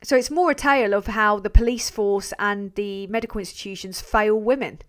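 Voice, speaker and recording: A woman's voice: mid-range voice, a little fast. A woman hosting a live stream, talking bluntly with frequent swearing, rambling between points and reading out viewer messages. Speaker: livestream host.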